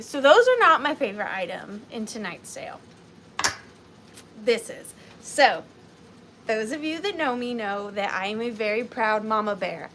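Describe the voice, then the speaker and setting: A woman's voice: on the high side, a bit bright, slight background noise. A woman in her thirties hosting a live vintage sale, chatting in a gushing, proud way. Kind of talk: casual live-sale chat.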